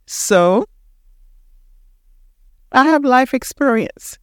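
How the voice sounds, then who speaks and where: A Panamanian-accented woman in her sixties delivers a motivational podcast talk. She presses her points home and repeats them for emphasis. Her voice is smooth and resonant, recorded dry and close. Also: on the low side, unhurried, pauses often, no room sound. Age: 60s. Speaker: podcast host.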